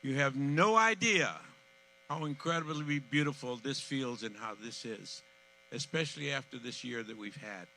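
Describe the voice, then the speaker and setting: A man's voice: medium pitch, moderate pace, vocal fry, slight background noise, low-quality recording. Emotional eighty-year-old man at a ceremony. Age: 80s. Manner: heartfelt, repeats himself, swings from soft to loud. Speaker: master of ceremonies. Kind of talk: emotional public speech at outdoor ceremony. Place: outdoor community event.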